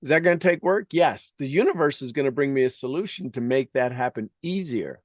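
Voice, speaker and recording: A man's voice: medium pitch, expressive, a little fast, dry recording, studio quality. A middle-aged man telling rambling, enthusiastic stories as the host of a spoken meditation. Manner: earnest, enthusiastic, rambling storytelling.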